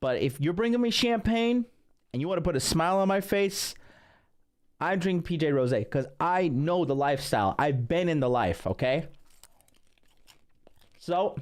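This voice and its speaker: A man's voice: on the high side, animated, normal speed, long pauses. Profane ranting male stream host. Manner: profane, boastful, rambling with restarts. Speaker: dating coach hosting his own stream. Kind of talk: ranting livestream monologue.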